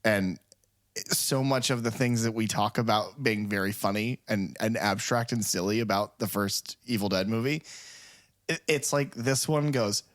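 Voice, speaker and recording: A man's voice: lowish voice, moderate pace, fairly bright tone. A man co-hosting a podcast in casual chat, telling stories in a rambling way with lots of fillers and swearing. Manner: rambling storyteller, profane, many fillers. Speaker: podcast co-host.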